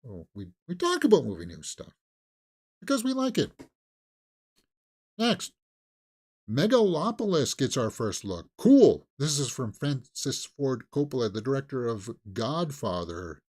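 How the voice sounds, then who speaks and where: A man hosts his own movie news talk, rambling casually from one thought to the next. His pitch swoops up and down in a lively way, and he drops into mocking little put-on quotes. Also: unhurried, breathy edge. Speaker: movie news channel host. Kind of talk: casual solo commentary.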